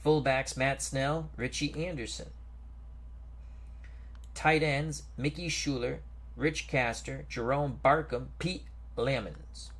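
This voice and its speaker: A man hosting a football strategy game stream, reading out team rosters and greeting viewers in a chatty, unhurried way. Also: medium pitch, fairly even intonation, fairly bright tone. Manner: slow, chatty, greets viewers and stumbles over names. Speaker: host. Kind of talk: casual game commentary.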